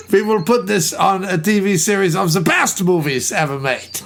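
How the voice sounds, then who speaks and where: A man's voice: sits high, expressive, measured pace, a bit bright, a little hiss or hum. A man hosting a podcast, chatting casually and going off on joking, rambling tangents. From England. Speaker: podcast host. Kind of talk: casual chat.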